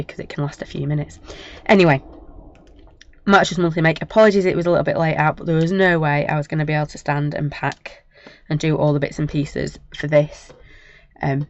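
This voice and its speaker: A woman hosting a live craft product demo, a little croaky and talking in a chatty, apologetic, rambling way. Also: low voice. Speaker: craft shop host. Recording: dull lo-fi sound.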